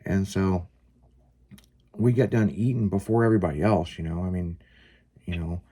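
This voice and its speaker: A man's voice: low voice, moderate pace, mellow, husky. A man casually telling a long personal story, rambling with lots of fillers and some swearing. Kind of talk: casual chat, personal anecdote.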